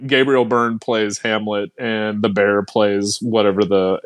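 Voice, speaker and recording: A man's voice: on the low side, little pitch movement, unhurried, dry recording. A man co-hosting a casual podcast, plain-spoken and dry. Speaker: podcast co-host.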